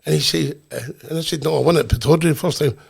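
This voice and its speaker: A man's voice: on the high side, steady tone, racing. A Scottish man hosting a podcast, telling anecdotes in a casual chat and laughing through them. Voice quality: gravelly, husky. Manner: laughs through his stories. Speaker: podcast host.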